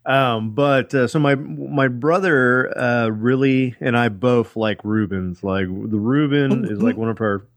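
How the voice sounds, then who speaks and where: A man co-hosts a casual podcast, working through a story in a rambling, stop-start way. His voice sits in a middle pitch, recorded dry and close. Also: no echo. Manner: rambling, halting, with many restarts. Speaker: podcast co-host.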